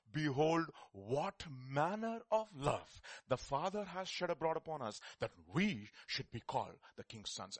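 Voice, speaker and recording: A man preaching a sermon, swinging from loud emphatic declarations to quiet low asides and often repeating phrases. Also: dry recording.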